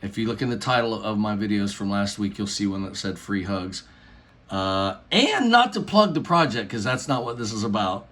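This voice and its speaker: A man's voice: lowish voice, lively intonation, moderate pace, fairly bright tone. A middle-aged man vlogging casually into his phone, rambling with many fillers and restarts, earnest and laughing between phrases. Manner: meandering, lots of fillers and restarts. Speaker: YouTuber.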